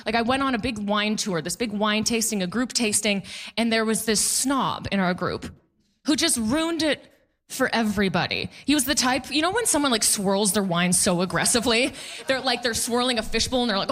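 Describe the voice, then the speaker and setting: A woman in her thirties works a live stand-up set into a handheld mic. Her voice sits a little high and rings bright and forward, and she keeps switching into quick mimicry of the people in her stories. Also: animated. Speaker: stand-up comedian. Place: comedy club stage with live audience.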